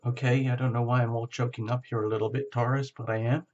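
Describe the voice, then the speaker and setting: A man's voice: medium pitch, little pitch movement, fast talker, darkish tone, highs cut off. A man giving a reflective spoken tarot reading, often checking in with the listener. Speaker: tarot reader.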